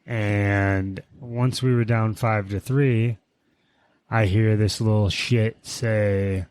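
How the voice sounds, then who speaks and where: A man's voice: fairly low pitch, slow, clear, resonant tone, dry recording. Profane, fired-up storytelling man. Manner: profane, animated storytelling with heated quoted outbursts. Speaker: podcast co-host. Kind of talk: casual chat, storytelling.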